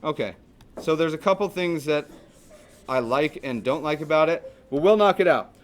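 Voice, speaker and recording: A man's voice: fairly high pitch, expressive, moderate pace. A man teaching a math class in a classroom, chatty and joking, asking his students questions as he lectures.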